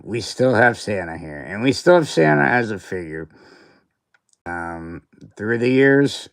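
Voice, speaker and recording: A man hosting a casual livestream, rambling and grumbling with mild cursing. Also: lowish voice. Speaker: livestream host.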